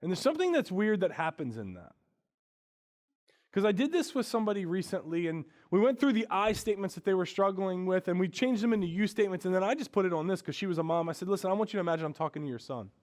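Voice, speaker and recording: A male pastor giving a conversational sermon, swinging between hushed, quiet moments and emphatic, raised passages. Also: high voice, expressive, quick pace.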